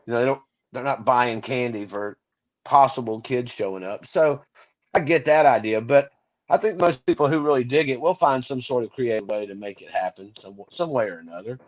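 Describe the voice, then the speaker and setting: Podcast co-host, man, mid pitch, stop-start delivery, muffled lo-fi audio. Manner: halting, restarts often. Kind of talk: casual chat. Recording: dull lo-fi sound.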